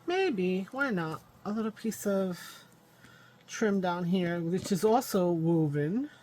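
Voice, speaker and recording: A woman's voice: fairly low pitch, lively intonation, slow, warm tone. A woman hosting a casual crafting vlog, rambling to herself as she works at her craft table at home. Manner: rambling self-talk while working with her hands. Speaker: crafting channel host.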